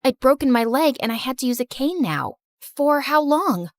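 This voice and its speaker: A woman narrating an animated drama in the first person, telling it with emotional, expressive storytelling. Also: sits high, brisk, no echo.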